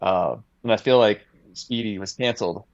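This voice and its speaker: A man's voice: fairly low pitch, normal speed, no room sound. A man co-hosting a podcast, telling a long anecdote in a rambling way with many fillers. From United States. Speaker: podcast co-host. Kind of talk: casual podcast storytelling. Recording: dull lo-fi dry audio.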